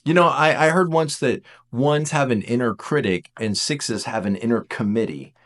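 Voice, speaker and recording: A man teaching in a casual lecture style, animated and jokey, acting out little voices as he goes. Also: mid-range voice, moderate pace.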